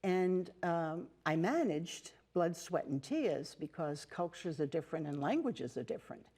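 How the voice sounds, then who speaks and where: A woman's voice: deep voice, sing-song, measured pace, husky. An older woman with an American accent, telling stories as a TV interview guest, with fillers and restarts. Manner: warm storytelling with fillers and restarts. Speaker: interview guest, nun and teacher. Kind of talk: casual interview talk. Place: TV studio.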